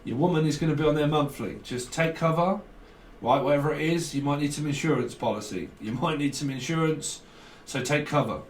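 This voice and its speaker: A man's voice: on the high side, a little fast, few pauses. A man giving a casual tarot reading, rambling and joking with chuckles between thoughts. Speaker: tarot reader. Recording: roomy echo, distant from mic, faint noise.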